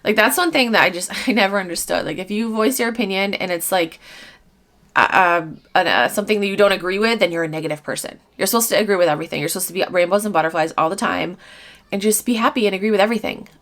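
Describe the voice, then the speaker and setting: A woman's voice: medium pitch, quick pace, a bit bright. A woman in her thirties, an online reseller answering viewer comments in a casual to-camera vlog, talking bluntly and swearing casually. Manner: candid and blunt, swears casually, laughs between points.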